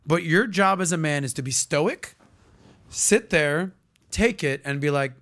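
A man hosting a podcast, telling stories in casual chat and acting out the people he quotes in loud, high voices. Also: unhurried. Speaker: podcast host.

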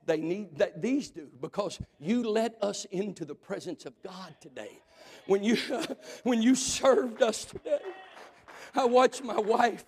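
Man, pastor, sermon, high pitched, shouted emphasis, long hall reverb. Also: breathy edge. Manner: preaching with shouted emphasis and dramatic pauses. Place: church sanctuary.

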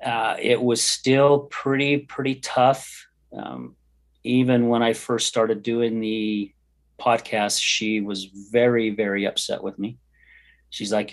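A man's voice: medium pitch, fairly even intonation, slow pace. A man who hosts a podcast, earnestly telling a personal story in an interview, rambling and acting out remembered conversations. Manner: earnest, rambling, acts out quoted dialogue. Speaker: podcast host and guest.

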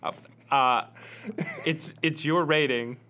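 A man's voice: a little high, slow pace, sharp tone. A man co-hosting a casual church-related chat, playful and joking.

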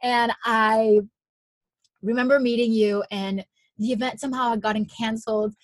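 A woman's voice: a little high, normal speed, no echo, clean studio sound. A young woman from Miami, an actress, tells an emotional personal story in a chatty way full of "like" and restarts. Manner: animated when retelling, rising excitement. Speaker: guest, actress.

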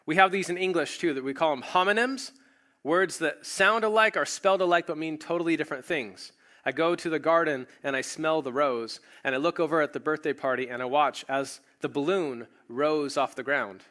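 A man's voice: on the high side, a little fast, pushed and bright. A man preaching a sermon, retelling a story and acting out the quoted voices. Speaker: pastor.

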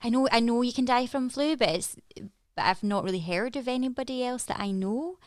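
Lively Scottish woman, dry close sound. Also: fairly high pitch, a little fast, no echo. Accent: Scottish (Edinburgh). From Scotland. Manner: lively, laughs often, playful. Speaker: podcast guest. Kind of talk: casual podcast chat.

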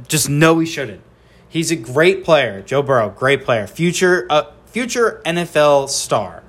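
A man's voice: fairly high pitch, sing-song, unhurried, a bit bright. Nasal man ranting about sports. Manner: blunt, profane, exasperated ranting. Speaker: podcast host. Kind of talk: sports rant podcast.

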